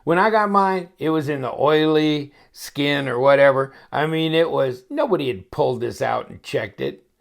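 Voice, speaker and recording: A man's voice: on the high side, moderate pace, creaky. A man reviewing a knife in a casual unboxing chat, rambling and thinking aloud with wry, joking asides. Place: home, at his inspection table.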